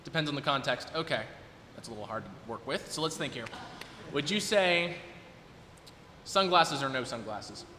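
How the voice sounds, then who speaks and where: A man in his twenties chats casually with the audience at his own recital, thinking aloud as he goes. His medium-pitched voice is expressive and sharp at a moderate pace, with long hall reverb and faint noise in the recording.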